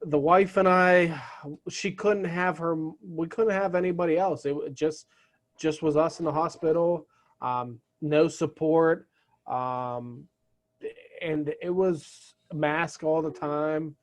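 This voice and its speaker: A man's voice: on the high side, fairly even intonation, slow pace. A young adult man chatting casually as a podcast guest, often restarting and repeating words. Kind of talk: casual chat.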